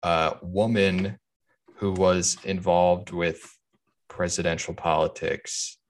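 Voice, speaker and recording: A man with a very deep voice co-hosts a loose comedy podcast. He teases the others with a dry, offhand humor. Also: fairly even intonation, slow. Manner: dry, teasing. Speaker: podcast co-host. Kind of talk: casual comedic chat.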